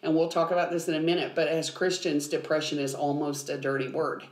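A woman's voice: low voice, level tone, fairly quick. A woman biblical counselor explaining things earnestly in a podcast conversation, with frequent ums. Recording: roomy echo.

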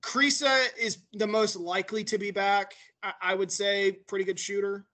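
A man's voice: high-pitched, steady tone, moderate pace, pushed and bright. A man guesting on a casual sports podcast, matter-of-fact as he reads through stats and roster lists.

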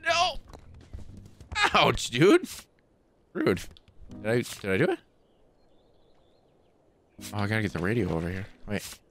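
Excitable trash-talking gamer guy. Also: on the low side, unhurried, long pauses, a little hiss or hum. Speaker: gaming channel host. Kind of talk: casual let's play commentary.

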